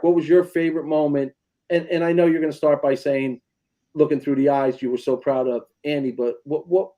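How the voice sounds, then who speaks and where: A man with a mellow, dark-toned voice hosts a casual radio interview. He rambles through emotional family stories and loose questions. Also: mid-range voice, dull audio. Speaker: radio show host.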